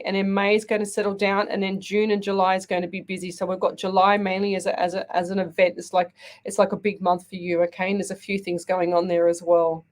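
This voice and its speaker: A woman's voice: mid-range voice, a little mellow. Chatty Australian woman psychic host. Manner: chatty, reassuring, repeats "okay?" to listeners. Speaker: psychic medium radio host. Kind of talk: live call-in psychic reading.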